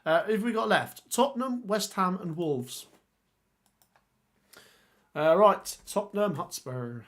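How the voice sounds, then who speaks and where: A man's voice: high-pitched, expressive, takes it slowly, fairly bright tone. Chatty man reading out football fixtures. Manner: chatty, thinks aloud, reads out viewer comments. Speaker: football channel host. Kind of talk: casual live-stream chat.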